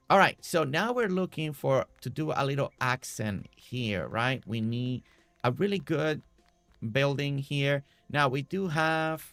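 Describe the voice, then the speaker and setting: A man's voice: medium pitch, fairly bright tone, dry recording. A man streaming a building game, chatting casually and talking to the characters on screen. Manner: chatty, talks to game characters, repeats himself. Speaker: gaming streamer.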